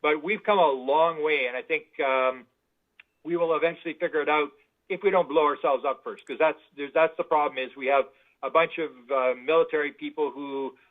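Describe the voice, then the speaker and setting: A man telling stories as a guest in an interview, animated and full of restarts. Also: on the high side, moderate pace. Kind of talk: anecdotal interview storytelling. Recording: tinny phone-like line.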